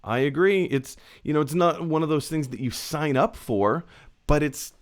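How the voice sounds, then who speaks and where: A man's voice: a little high, moderate pace. A man hosting a casual film-chat show, talking in an upbeat, chatty way with plenty of fillers. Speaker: host.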